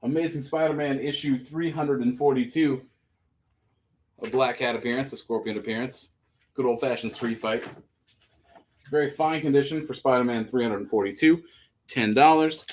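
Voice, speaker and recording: Joking man pitching comics live. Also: normal speed, darkish tone, a little hiss or hum. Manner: joking, profane, auctioneer-style pitches. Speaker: comic shop live sale host. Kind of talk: casual live-stream sales patter.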